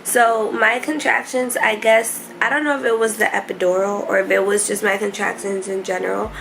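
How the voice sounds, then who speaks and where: A young woman telling her hospital story to camera in a casual vlog, emotional and rushed, with many fillers. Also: medium pitch, flat delivery, vocal fry, fairly bright tone, slight background noise, poor audio. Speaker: vlogger. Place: hospital room.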